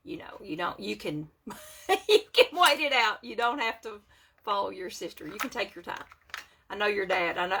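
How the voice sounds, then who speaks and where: Mid-range in pitch with a sharp tone, this woman hosts a casual makeup livestream from home. She chats with viewers and greets them by name while doing her makeup, recorded through a phone or webcam.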